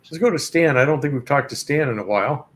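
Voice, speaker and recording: A man's voice: mid-range voice, animated, fast. A man hosting a casual live chat, easygoing and hesitant with lots of fillers. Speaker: host.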